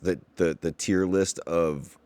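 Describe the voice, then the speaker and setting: A young man hosts a laid-back reaction podcast, talking loosely with plenty of fillers, curse words and laughter. His voice sits low, and the recording is dry and close with no room sound. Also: fairly even intonation, takes it slowly, a little mellow, no echo. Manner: loose, swearing, laughs often, lots of fillers. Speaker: podcast host. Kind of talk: casual reaction chat.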